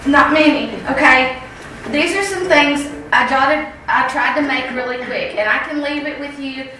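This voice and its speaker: High, bright-voiced woman, echoey room. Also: measured pace, far from the mic, slight background noise. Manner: earnest, insistent, keeps asking "okay?". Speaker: public commenter at a school board meeting. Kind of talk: public comment speech. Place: school board meeting room. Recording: very echoey room heard from afar.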